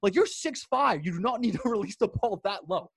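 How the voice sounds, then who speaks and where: A young man co-hosting a podcast, chatting about sports in an excitable, swearing, storytelling way. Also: high voice, brisk, gravelly, slightly rough, dry recording. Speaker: podcast co-host. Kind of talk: casual sports chat.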